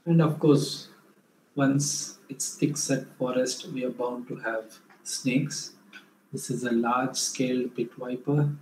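A man from India, presenting wildlife photos in a talk, often pausing and correcting himself, livelier when retelling a story. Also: medium pitch, steady tone, darkish tone. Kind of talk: illustrated talk. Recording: echoey room, faint background noise.

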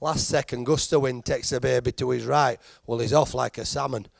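A man's voice: medium pitch, steady tone, normal speed, vocal fry, dry recording, studio quality. A middle-aged man with a Yorkshire accent doing a chatty, self-deprecating stand-up routine and teasing the crowd. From Halifax, England. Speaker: stand-up comedian.

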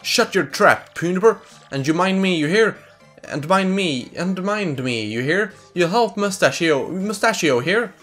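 A man's voice: high-pitched, animated, a little slow, fairly bright tone, soft background music, voice pushed up, exaggerated voice. A Swedish man voicing a cranky, bossy old female tree elder from a game, reading her lines aloud in English. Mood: scolding. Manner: bossy, scolding, grumbling.

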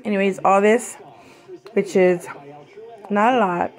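A woman's voice: medium pitch, steady tone, takes it slowly. A woman vlogger chatting casually as she unboxes purchases, gushing and rambling, sick with a cough.

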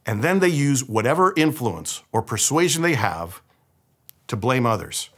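A man's voice: mid-range voice, sing-song, moderate pace, fairly bright tone, slightly rough. A man from the San Francisco Bay Area preaching a sermon as pastor, telling a story in a conversational, humorous way.

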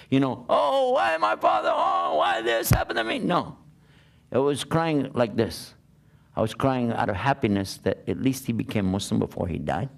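A man's voice: mid-range voice, vocal fry. An older American man preaching a conversational sermon, telling stories and asking rhetorical questions. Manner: animated storytelling with rhetorical questions. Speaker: Islamic preacher.

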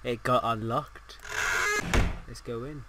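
A young man commentating a horror game as he plays, excitable and swearing, talking back at the game. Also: medium pitch, slow, a little hiss or hum, poor audio. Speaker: gaming channel host.

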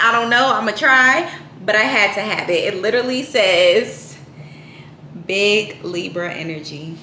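A woman's voice: medium pitch, a little slow, sharp tone, reverberant, slight background noise. Bubbly young woman vlogging at home. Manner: chatty and playful, frequent laughs and slang. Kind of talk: casual vlog chat. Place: at home, indoors.

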